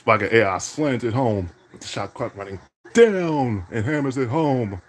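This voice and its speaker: A man's voice: medium pitch, animated, normal speed. A man playing a basketball video game, calling his own plays and teasing his opponent with repeated catchphrases. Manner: trash-talking, teasing opponent; catchphrase-heavy, repeating "indeed". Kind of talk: self-commentary while gaming.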